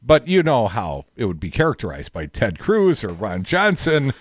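A man's voice: medium pitch, wildly swooping pitch, normal speed, slightly rough, no echo, studio quality. A middle-aged man hosting a radio talk show, bantering and teasing his co-host with frequent laughs. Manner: joking, teasing, laughs often. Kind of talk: casual on-air banter.

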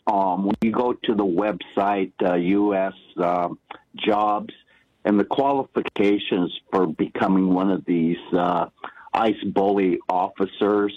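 A man phoning in to a talk show, his voice low and set on a dull, dry line. He speaks haltingly, filling his pauses with ums as he tells his story. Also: no echo. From Washington State, US. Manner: hesitant, many ums and uhs. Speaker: caller. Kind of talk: calling in to a radio show. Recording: dry, muffled phone line.

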